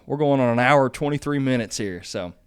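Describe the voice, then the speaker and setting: A man's voice: mid-range voice, fairly quick, clean tone. A man hosting a farm podcast, telling stories in a rambling, casual way with lots of fillers. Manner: rambling storyteller, lots of fillers, animated when excited. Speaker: extension agent podcast host.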